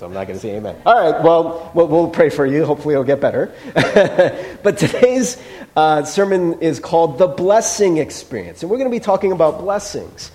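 A man's voice: fairly high pitch, darkish tone. A man preaching a sermon as pastor, chatty and playful, acting out little dialogues with the congregation.

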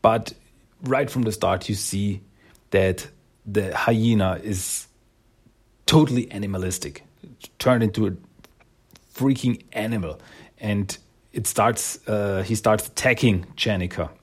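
Husky man casually retelling a story. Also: on the low side, measured pace, pauses often. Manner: rambling, self-correcting, laughs often.

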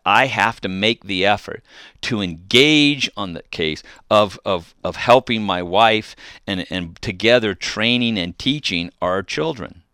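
A man's voice: on the low side, bright, forceful tone, clean tone, no room sound, studio quality. A middle-aged man hosting a call-in radio show on faith, talking earnestly and exhorting listeners, often restarting his phrases.

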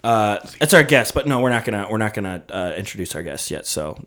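A man's voice: fairly low pitch, sing-song, fast, fairly bright tone. A man co-hosting a podcast, talking in rambling, profane casual banter. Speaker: podcast co-host.

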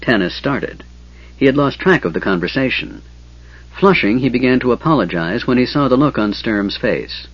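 A man reading a fantasy novel aloud in a steady, measured storytelling voice. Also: medium pitch, slightly rough. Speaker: audiobook narrator. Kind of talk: scripted fantasy narration. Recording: dull lo-fi audiobook recording.

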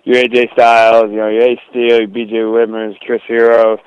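A man's voice: medium pitch, completely flat delivery, normal speed, clean tone, dry recording, dull audio. A young man, a wrestler guest, telling stories in a casual interview, rambling with lots of fillers and "dude".

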